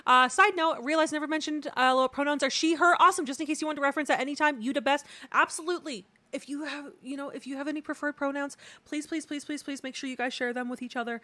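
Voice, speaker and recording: Young woman stream host, high-pitched, crude and excitable. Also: fast talker, hardly any pauses. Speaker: livestream host. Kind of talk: casual live-stream chat.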